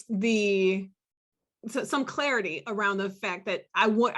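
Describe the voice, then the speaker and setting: A woman scholar speaking on a panel discussion over a video call, thoughtful, often pausing with fillers and restarting her sentences. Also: medium pitch, fairly bright tone.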